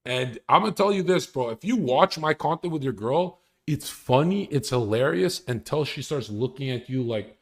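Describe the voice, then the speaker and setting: A young man rants on a live stream with crude boasts and frequent laughter. His pitch swings widely as he talks, and his delivery is loose and casual. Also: animated, normal speed, hardly any pauses. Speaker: livestreamer.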